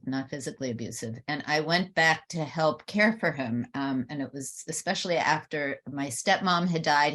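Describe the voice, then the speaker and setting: An older woman on a podcast, earnestly telling a personal story and getting animated when she quotes people. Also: low voice. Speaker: podcast co-host.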